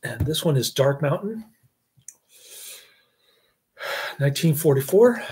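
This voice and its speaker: A man's voice: a little high, big pitch swings, slow, a little mellow, slightly rough. A middle-aged man hosting a casual movie review chat, rambling with fillers and chuckles.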